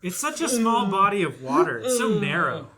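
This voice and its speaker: Slightly high, animated man joking along. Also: moderate pace, a crowd in the background. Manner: chiming in with short agreeing remarks and quips. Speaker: co-host reacting to a film. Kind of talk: casual reaction chat. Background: film soundtrack playing.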